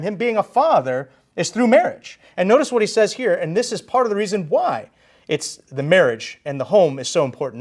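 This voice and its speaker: A man preaching a sermon in a church, animated and emphatic, stressing his key phrases. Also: high-pitched. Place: church sanctuary.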